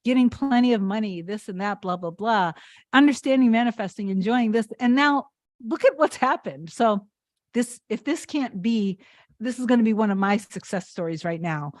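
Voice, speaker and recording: A woman's voice: fairly high pitch, expressive, moderate pace, dry recording, clean studio sound. A woman manifestation coach chatting on a live stream, earnest and emotional, reading viewer comments aloud. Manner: emotional, warm-hearted.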